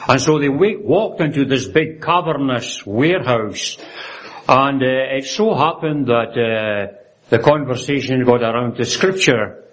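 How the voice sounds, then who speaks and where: A man delivering a sermon in an earnest, reverent voice of middling pitch. He quotes scripture slowly and often caps his points with a little tag question. His phrasing stumbles and restarts as he thinks aloud. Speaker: preacher.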